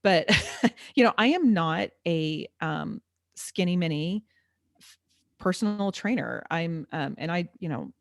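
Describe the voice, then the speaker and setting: A woman's voice: fairly low pitch, lively intonation, takes it slowly, no room sound. Lady in her 40s, fitness instructor guest, chatty and laughy, trips over her words, dry close mic. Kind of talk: casual podcast interview.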